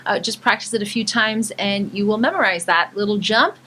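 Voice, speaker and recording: A woman vocal coach teaching a song step by step, pausing to explain and sometimes singing short lines to demonstrate. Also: medium pitch, sharp tone. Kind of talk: singing tutorial.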